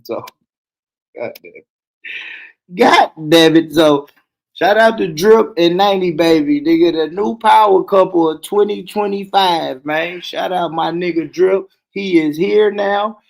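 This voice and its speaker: A man's voice: high-pitched, unhurried, gravelly. A man hosting a casual commentary stream, talking loosely and profanely and laughing often. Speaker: host.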